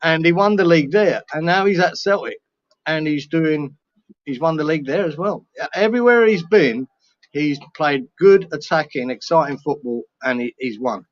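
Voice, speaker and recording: A man's voice: a little high, moderate pace. A man on a casual fan chat show, explaining at length with eager restarts. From Australia. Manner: enthusiastic, rambling with restarts. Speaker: co-host. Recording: dull lo-fi remote line.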